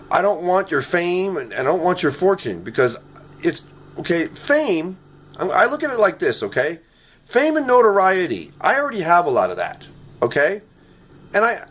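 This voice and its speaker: A man's voice: a little high, a bit bright. A man recording a rambling, earnest video message on his phone at home, often ending his sentences with "okay?". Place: his apartment. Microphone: phone camera.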